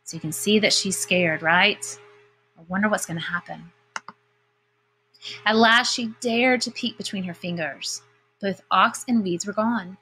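Bright-voiced woman teacher reading aloud. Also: medium pitch, a little slow, long pauses, slight background noise. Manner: expressive storybook reading with lively character voices. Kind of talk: reading a picture book aloud with commentary.

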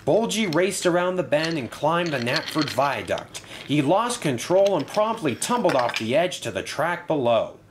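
A man narrating a toy-train story in a lively, expressive storybook style. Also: a little high, normal speed, few pauses, noisy background.

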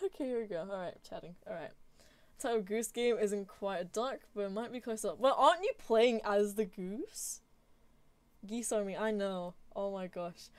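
A woman's voice: medium pitch, dry recording. A young woman streaming from home, chatting casually with her viewers while gaming, giggling often and answering chat.

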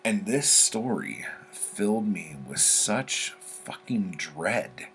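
Low-voiced man rambling through a story. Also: expressive, slow, fairly bright tone, a little hiss or hum. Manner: rambling, heavy with "like" and "um", swears casually. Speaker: book vlogger. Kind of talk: casual spoken book summary.

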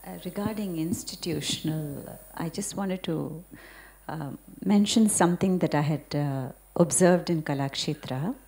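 A woman's voice: deep voice, normal speed, darkish tone. A woman with an Indian English accent, a dancer on a panel, speaking hesitantly with many fillers. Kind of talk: panel discussion.

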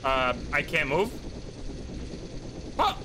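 A young man streams a video game live, laughing, reacting with surprise and swearing as he plays. His voice sits on the high side with big pitch swings and a slow pace, with game music and background noise beneath it.

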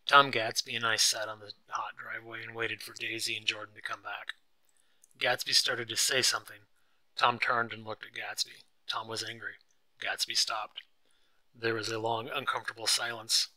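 A man giving clear, steady scripted narration of a simplified novel. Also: lowish voice, normal speed, no room sound, rough recording. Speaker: reader.

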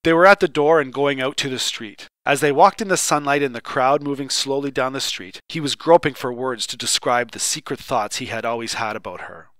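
A man reading a short story aloud as an audiobook narrator, measured and even. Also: mid-range voice, no echo. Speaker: audiobook reader.

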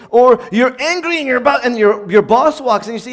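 Man, high voice, preacher, conversational sermon, acts out little scenes. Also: lively intonation, brisk. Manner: conversational, acts out everyday moments in a bright upbeat voice.

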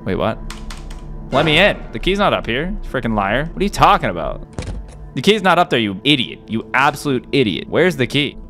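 A young man hosting a horror game playthrough, excitable, jumping from low muttering to loud yelps. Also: normal speed, faint music behind. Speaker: gaming video host. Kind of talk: let's-play horror game commentary.

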